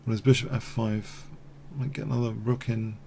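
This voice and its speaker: A man thinking aloud in a halting way as he commentates his own online chess game. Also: lowish voice, little pitch movement, mellow, slight background noise. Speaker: chess streamer.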